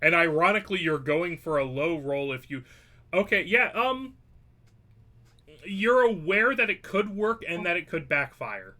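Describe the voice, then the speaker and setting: Man, game master, bright voice, swings up and down, jokey, casual swearing. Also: sits high, animated, a little slow. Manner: joking, hedging, swears casually. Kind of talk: running a tabletop game online.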